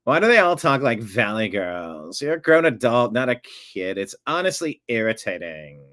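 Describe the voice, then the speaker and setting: Sarcastic guy hosting a reaction show, mid-pitched, mocking tone. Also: very animated, normal speed, fairly bright tone. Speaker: commentary show host. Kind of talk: reaction commentary on a video clip.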